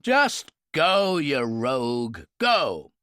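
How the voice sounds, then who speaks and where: A man's voice: medium pitch, big pitch swings, very slow, fairly bright tone, clear, resonant tone, dry recording, exaggerated voice. A man voicing a weary, commanding older British brigadier in an audiobook, exasperated and dry.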